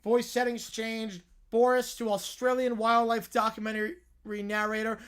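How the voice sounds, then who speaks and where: A woman's voice: fairly high pitch, little pitch movement, normal speed, smooth. A woman hosting a livestream, reading comedy sketches aloud and jumping into character voices. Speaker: livestream host.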